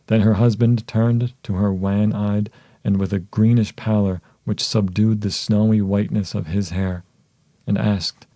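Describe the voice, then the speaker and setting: A man narrating a classic novel as an audiobook, calm, measured and soothing. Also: lowish voice, no echo. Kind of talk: slow audiobook reading.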